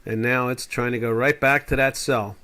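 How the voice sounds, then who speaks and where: A man's voice: mid-range voice, fairly even intonation, normal speed, pushed and bright, clean tone. An older man hosting a live trading chat, rambling and opinionated as he talks through market charts. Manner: rambling, opinionated, puts on quoted voices. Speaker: trading show host.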